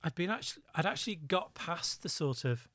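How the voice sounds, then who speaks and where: A middle-aged former undercover police officer, a podcast guest, tells vivid anecdotes in a slightly high voice at a slightly fast pace, laughing at his own stories. The recording is dry.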